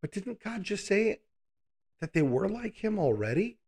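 Gravelly-voiced man teaching scripture. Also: sits high, sing-song, measured pace, darkish tone. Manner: casual, asks rhetorical questions, playful asides. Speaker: preacher. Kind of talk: conversational Bible teaching.

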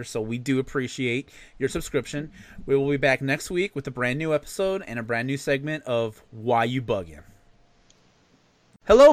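A young man hosting a podcast, telling rants in a loose, profane, animated way. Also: mid-range voice, no room sound. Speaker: podcast host. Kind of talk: casual ranting chat.

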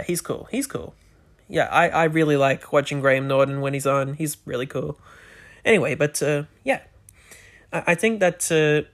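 Solo podcaster just rambling into a mic, lots of restarts, words kinda slurry. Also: mid-range voice. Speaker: podcast host. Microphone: podcast microphone.

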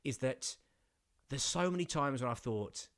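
A man, an actor, telling a casual anecdote with many restarts and animated bursts. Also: medium pitch, a little slow, smooth. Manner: rambling with many restarts, rising to animated outbursts.

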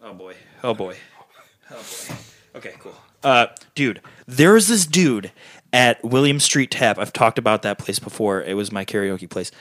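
A man co-hosting a casual podcast, bantering loudly and laughing between karaoke songs. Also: lowish voice, animated, moderate pace, no echo. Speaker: podcast co-host.

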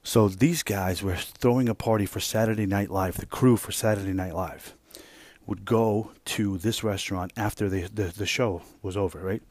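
A man hosting a podcast, telling a rambling, profane workplace story in a casual, animated way. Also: fairly low pitch, normal speed, no room sound. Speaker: podcast host.

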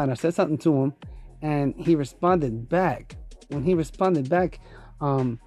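A man's voice: a little high, moderate pace, mellow, faint music behind. A man hosting his own podcast, telling a story in a rambling, casual way with frequent laughs and swearing. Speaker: podcast host.

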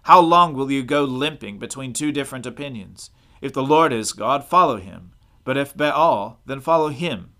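A man voicing a bold, defiant male prophet in a scripture reading, declaiming loudly and forcefully. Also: medium pitch, lively intonation, moderate pace. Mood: commanding.

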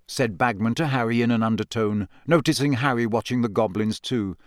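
A man narrating a storybook in a lively, expressive way on a close studio mic. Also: mid-range voice, fairly quick, few pauses, no room sound. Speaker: audiobook narrator.

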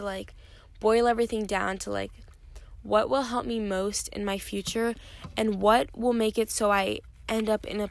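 A woman's voice: medium pitch, gravelly. A young woman hosting her own podcast, talking candidly and rambling with many fillers, tired and yawning. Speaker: podcast host. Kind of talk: casual solo podcast talk.

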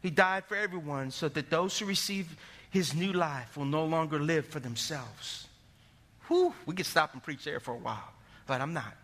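A high-pitched male pastor preaches in an animated way, rising to shouts and then dropping low. His bright, forceful tone carries through a church sanctuary with a long, echoing reverb. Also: moderate pace. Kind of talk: sermon.

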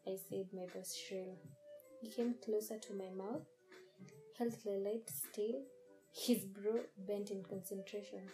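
A woman hosting and reading a scripted horror story in a measured, deliberate storytelling way. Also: mid-range voice, steady tone, warm tone, poor audio. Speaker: story narrator and host. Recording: music playing underneath.

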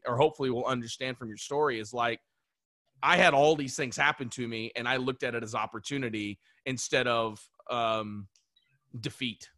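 A man's voice: medium pitch, pushed and bright, no echo, clean studio sound. A man hosting a podcast interview, thoughtful and emphatic, often restarting his sentences. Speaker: podcast host. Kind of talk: reflective interview conversation.

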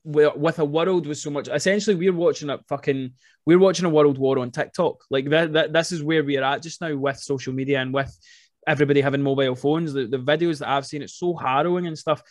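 A man hosting a podcast, chatting casually and excitedly about a film, rambling, swearing now and then, and filling his talk with "like". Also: a little high, fast, dry recording, clean studio sound. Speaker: podcast host.

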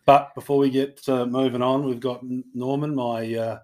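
A man's voice: medium pitch, little pitch movement, moderate pace, a little mellow. A young Australian man co-hosting a casual podcast, trading laid-back jokes and banter. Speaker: podcast co-host.

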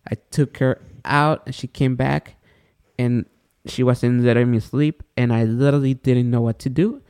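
A man co-hosting a podcast in casual chat, an animated storyteller who acts out the voices of people in his stories. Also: medium pitch, normal speed, clear, resonant tone. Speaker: podcast co-host.

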